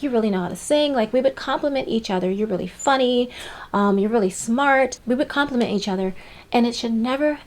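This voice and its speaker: A woman's voice: medium pitch, darkish tone. Young adult woman vlogger, casual advice storytime, emphatic and chatty. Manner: chatty and emphatic, laughs between points.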